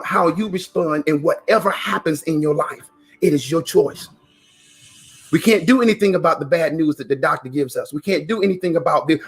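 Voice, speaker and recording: A man giving an emphatic motivational talk, repeating phrases and sometimes rising to a shout. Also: high-pitched, breathy edge. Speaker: motivational speaker.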